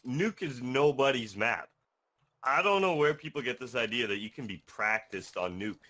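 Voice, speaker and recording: A man's voice: medium pitch, lively intonation, moderate pace, pushed and bright. A man commentating an esports match, passionate and opinionated.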